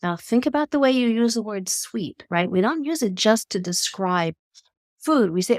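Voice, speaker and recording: A woman speaks as a podcast guest, explaining her ideas in an expressive, storytelling manner. Her voice sits at an ordinary middle pitch for a woman. The sound is dry, with no room echo. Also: moderate pace. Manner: expressive storyteller who acts out quotes. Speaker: podcast guest, eating expert. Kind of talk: conversational explanation.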